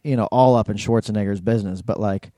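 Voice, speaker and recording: A man's voice: lowish voice, fast talker, warm tone, no room sound, clean studio sound. A man co-hosting a podcast, giving blunt, opinionated takes in casual chat and swearing freely. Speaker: podcast co-host.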